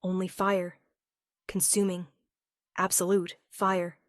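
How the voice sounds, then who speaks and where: Lady reading a romance story, low steady voice, emotional, dry sound. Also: takes it slowly, no echo. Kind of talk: first-person romance story narration.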